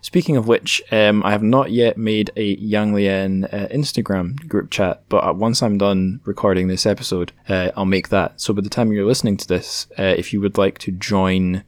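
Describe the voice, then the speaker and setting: A Scottish man talks through listener notes in a loose, rambling way. His voice sits low, and the sound is dry and close with no room around it. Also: fairly even intonation, normal speed, hardly any pauses, no room sound. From Scotland. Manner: chatty, rambling, self-correcting. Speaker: podcast host. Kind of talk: casual solo podcast chat.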